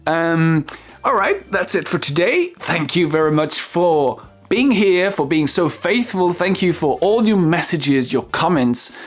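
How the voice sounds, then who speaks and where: A teacher with a French accent giving a casual online pronunciation lesson, slowly repeating words with fillers. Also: mid-range voice, very animated. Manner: slow, repeats model words, many fillers.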